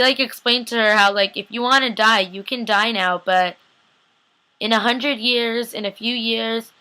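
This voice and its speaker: This TV recap vlogger is a young woman whose mid-range voice has a sharp edge. Chatty and gushing, she runs through an episode casually, acting out bits of the characters' dialogue in their voices.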